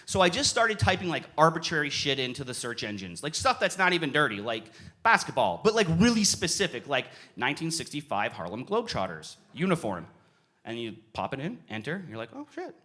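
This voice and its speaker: A young man performing a stand-up comedy set on a club stage, with animated delivery and sudden yelling bursts as he acts out stories. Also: medium pitch, fairly quick. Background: audience laughter.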